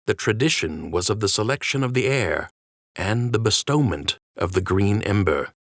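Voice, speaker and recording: A low-voiced male audiobook narrator reads scripted narration in a measured, even storytelling manner. The studio-quality recording has no echo.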